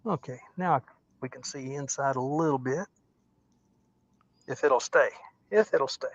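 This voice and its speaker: A man's voice: mid-range voice, unhurried. Easygoing man talking at his lathe. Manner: easygoing, chuckling, thinking aloud as he works. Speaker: woodturning livestream host. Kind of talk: casual livestream chat while turning. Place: home workshop at a lathe. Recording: dull, dry, lo-fi sound.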